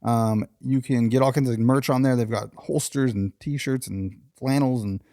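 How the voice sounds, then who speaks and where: A man's voice: mid-range voice, fairly even intonation, normal speed, warm tone, dry recording, clean studio sound. A man co-hosting a podcast, talking in brash, profane, joking casual chat and reading a sponsor plug. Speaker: podcast co-host.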